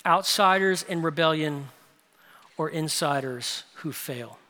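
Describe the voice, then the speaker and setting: A man's voice: on the high side, slow pace, sharp tone. A man preaching a sermon as pastor, emphatic and building to raised intensity. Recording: long hall reverb.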